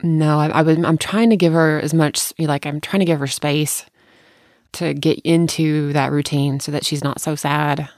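A woman speaks in casual conversation with a gravelly, fry-edged voice, recorded close and dry. She sounds tender and emotional, halting and restarting as she talks. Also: low voice, steady tone, a little mellow, no room sound. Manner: tender, close to tears at times.

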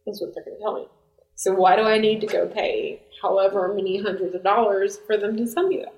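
Animated woman in a roomy echo. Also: medium pitch, fairly quick. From United States. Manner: animated storytelling, laughing often. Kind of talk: casual chat.

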